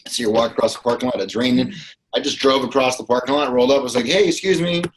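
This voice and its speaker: A man talking casually on a podcast, blunt and profane as he tells his stories. His voice sits at an ordinary middle pitch. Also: fairly even intonation, racing, rough recording. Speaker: guest.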